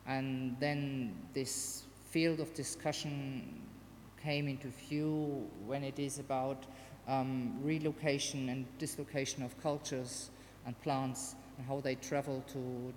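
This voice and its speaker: A woman giving a casual, halting presentation of a radio art project, with many fillers. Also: very deep voice, a little mellow. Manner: hesitant, many fillers and restarts. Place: venue hall. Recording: long hall reverb, faint background noise.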